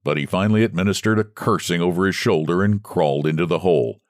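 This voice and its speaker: A man narrating a classic short story with expressive storytelling delivery, close to the mic. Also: low voice, quick pace, no room sound.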